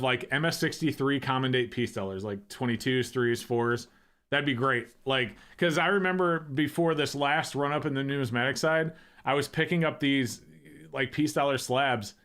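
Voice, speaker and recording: Man, easygoing livestream host, mid-pitched, musing, chatty. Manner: relaxed, thinks aloud with restarts. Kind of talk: casual livestream chat.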